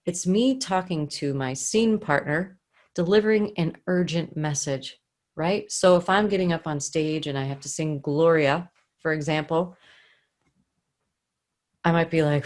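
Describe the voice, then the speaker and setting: Female vocal coach with a lowish voice, animated teaching delivery, acts out examples. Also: unhurried. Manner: animated, acts out scenes to illustrate. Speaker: singing coach. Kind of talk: online vocal lesson.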